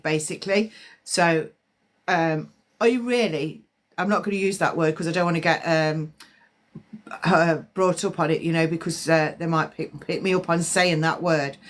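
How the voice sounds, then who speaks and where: A lowish-voiced woman, slightly congested, works as a psychic medium. She rambles and chats her way through spiritual readings on a live-stream, replying to what viewers comment.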